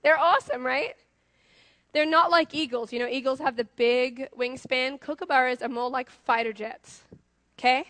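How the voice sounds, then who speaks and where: A young woman with an Australian accent preaching a sermon, asking her congregation lively questions as she goes. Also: high voice, normal speed, no room sound.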